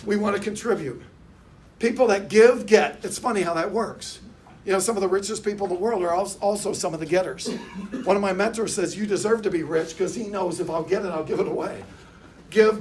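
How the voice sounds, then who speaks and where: A man's voice: high-pitched, brisk, distant mic, slight background noise. A man coaching a room of car salespeople, speaking in punchy lines and getting the crowd to answer back. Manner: punchy, rallies audience into call-and-response. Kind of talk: motivational sales talk. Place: dealership meeting room.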